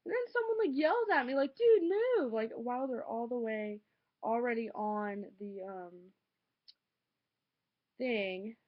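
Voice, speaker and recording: A woman's voice: on the high side, expressive, a little slow, pauses often. A teenage girl vlogging casually, ranting in an exasperated way with lots of fillers. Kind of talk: casual vlog monologue. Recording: dull lo-fi home recording.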